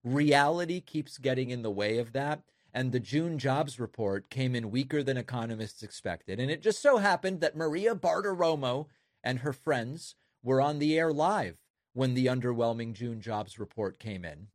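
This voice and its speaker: A man's voice: mid-range voice, lively intonation, normal speed. A man hosts a political commentary show, tossing wry, sarcastic asides between clips. His voice sounds dry and close, with no room echo.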